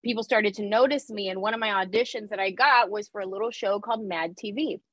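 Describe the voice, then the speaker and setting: A woman chatting as a guest, telling her story in an animated, laughing manner. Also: medium pitch, fast talker, no echo, low-quality recording. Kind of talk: casual chat.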